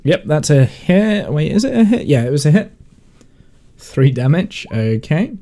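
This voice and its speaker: A man narrating as game master in a relaxed, hesitant way with many fillers. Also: a little high, unhurried.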